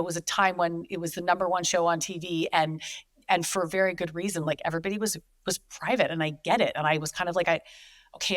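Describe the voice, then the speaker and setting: A middle-aged Canadian woman talks as a podcast guest, earnest and a little rambling, with plenty of fillers. Her voice sits on the lower side. The sound is close and dry, with no room around it. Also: dry recording. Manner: earnest, rambling with many likes and you-knows. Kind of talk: casual chat.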